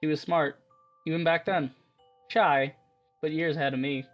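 A man reading the lines of a quiet, dreamy teenage schoolboy narrating his memories in a soft, reflective way. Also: on the high side, fairly even intonation, normal speed, muffled recording, faint music behind, natural voice.

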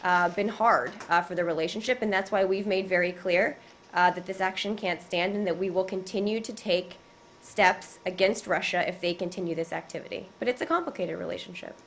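A woman at a press briefing, answering questions in a measured way with frequent ums, and she is losing her voice. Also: lowish voice, fairly bright tone, a little hiss or hum. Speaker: government spokesperson.

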